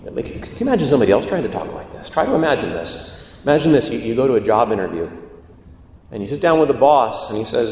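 A man preaching a sermon in an animated, storytelling way, with acted quotes. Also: medium pitch, fast, slight background noise. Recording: echoey hall, long reverb.

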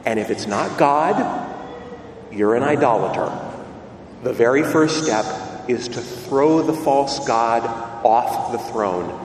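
A man's voice: medium pitch, takes it slowly, long pauses, a little hiss or hum. A man preaching a sermon in a church, emphatic and questioning, repeating key phrases. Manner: animated, questioning, emphatic repetition. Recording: echoey church, voice from far off.

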